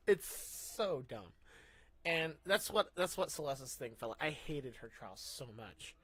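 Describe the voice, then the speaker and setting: Excitable young man ranting on a podcast. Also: fairly high pitch, slow pace, slightly rough, dry recording. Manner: rambling, excitable, ranting with laughs. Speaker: podcast host. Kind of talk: casual podcast chat. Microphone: mic through a soundboard.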